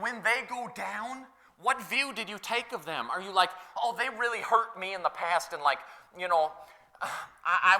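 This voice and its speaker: A high, lively male voice preaching in a church, swinging widely in pitch as he talks. His tone is very bright and sharp, and he keeps it loose and chatty, dropping in "you know" and short laughs. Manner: conversational, animated, lots of "like" and "you know", laughs often. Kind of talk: sermon.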